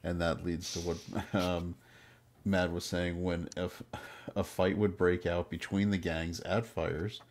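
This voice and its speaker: A man's voice: deep voice, little pitch movement, takes it slowly, a little mellow. A man co-hosting a podcast in casual chat, laughing often and telling history notes. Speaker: podcast co-host.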